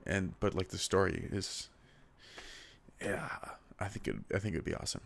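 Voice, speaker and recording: A man's voice: low-pitched, fairly even intonation, normal speed, vocal fry. A young man hosting a casual solo podcast, talking in a rambling, self-deprecating way full of fillers and restarts, recorded on a small handheld recorder. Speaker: podcast host.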